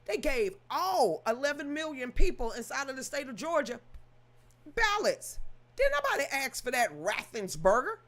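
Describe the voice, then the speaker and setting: A woman's voice: high-pitched, sing-song, moderate pace, a bit bright. A woman reading news aloud, then ranting about it in an emphatic, sassy, scolding way. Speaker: political commentary host.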